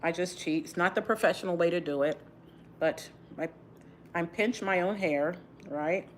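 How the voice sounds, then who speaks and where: A woman's voice: on the low side, moderate pace, a little hiss or hum. A middle-aged woman from Texas, livestreaming as she twists her braids, sighing often and holding back tears. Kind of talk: casual livestream chat while doing her hair.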